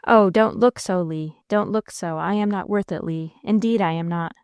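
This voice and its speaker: A desperate young woman from an old romance speaks through sobs and falters, as a woman narrator puts her on. The voice is smooth and clear, recorded close and dry. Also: mid-range voice, normal speed, darkish tone, dry recording, natural voice. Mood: anguished. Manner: sobbing, faltering.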